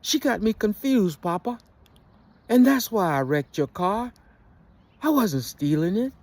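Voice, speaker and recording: Man voicing scared remorseful boy, meek, halting, slow. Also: sits high, lively intonation, a little mellow, no echo, voice pushed up. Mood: pleading.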